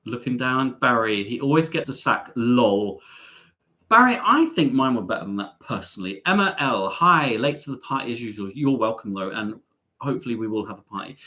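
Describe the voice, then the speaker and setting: A man's voice: medium pitch, expressive, brisk, bright, forceful tone. A middle-aged man hosting a live stream, chatting casually as he reads out viewer comments, with sarcastic, self-mocking asides and lots of ums.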